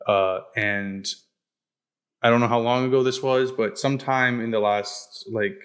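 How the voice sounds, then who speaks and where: A man's voice: mid-range voice, fairly even intonation, unhurried, smooth. A young man co-hosting a podcast, explaining in a blunt, profane, casual way while hedging often. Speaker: podcast co-host. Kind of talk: casual chat.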